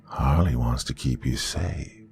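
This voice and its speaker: A man voicing a childlike shadow demon who speaks in a slow, mocking, hissing whisper, in a horror story. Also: rumbling low, gravelly, a little mellow, voice pushed down, full character voice.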